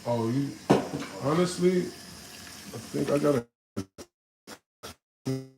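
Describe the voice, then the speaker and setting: A man hosting a casual livestream, reading out comments and telling a story in animated, slangy talk with laughs. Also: medium pitch, slow, gravelly, echoey room, very noisy. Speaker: livestream host. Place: home room.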